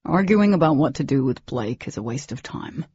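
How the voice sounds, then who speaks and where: Brief: woman reading a commanding young man, firm and low, raspy, dull lo-fi sound. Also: lively intonation, moderate pace, darkish tone, no room sound, heavily acted. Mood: stern. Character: stern young man, protective older brother. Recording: dull lo-fi recording.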